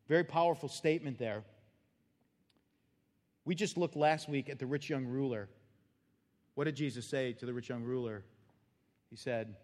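A man's voice: medium pitch, expressive, moderate pace, a little mellow, big-room sound. A man preaching a sermon as a pastor, talking conversationally and animatedly, acting out quotes and laughing at his own jokes.

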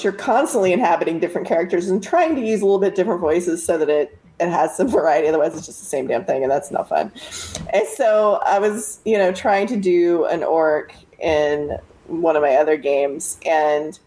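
A woman with a slightly low voice chats casually on a podcast, laughing easily and telling lively stories. She talks like a game master sharing tips with friends. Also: a little fast. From American South. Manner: laughing, animated storytelling. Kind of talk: casual chat.

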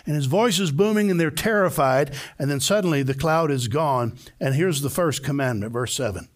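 A man's voice: fairly high pitch, moderate pace. A male pastor preaching a sermon to a live congregation, telling the story emphatically and acting out the voices of the people in it. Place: church before a live congregation.

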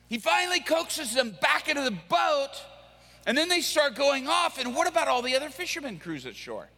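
A man's voice: very high-pitched, very animated, moderate pace, sharp tone, long reverb tail. A man preaching a sermon, telling the story theatrically and acting out every character.

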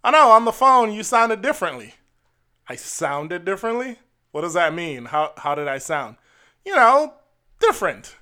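A man voicing a chirpy young female car rental clerk who talks in a high, sugary, hesitant way. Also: very animated, normal speed, bright, forceful tone. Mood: awkward.

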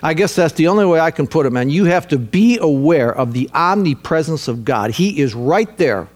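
A man preaching a sermon as pastor, earnest and conversational, repeating key points for emphasis and dropping to a hushed tone for reflection. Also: fairly high pitch, animated, moderate pace.

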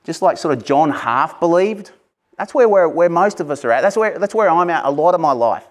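Passionate, animated male preacher. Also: fairly high pitch, brisk. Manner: passionate, animated, conversational with asides. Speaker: pastor. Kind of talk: Easter sermon.

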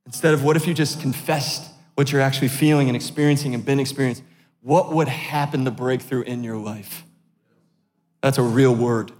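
A man in his thirties, a pastor preaching a sermon in a church, animated and self-deprecating, often laughing at himself. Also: medium pitch, moderate pace. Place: church sanctuary. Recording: long hall reverb.

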